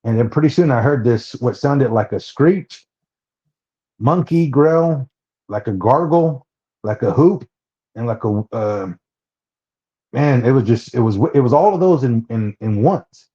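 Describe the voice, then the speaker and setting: A man from Oklahoma telling his own story as a podcast guest, his voice warm and mellow. He talks haltingly, often restarting and repeating words. The sound is dull and a little lo-fi. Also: mid-range voice, expressive. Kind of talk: personal storytelling.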